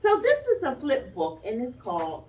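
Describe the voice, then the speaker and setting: A woman librarian reading a picture book aloud to small children in an animated, sing-song way, recorded in a library. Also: high-pitched, moderate pace. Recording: distant, dull lo-fi sound.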